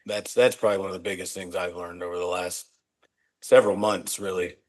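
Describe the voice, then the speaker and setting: A man's voice: low voice, steady tone, brisk. A man being interviewed on a podcast as a company executive, speaking in an earnest, reflective way and often restarting his words. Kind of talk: casual interview talk.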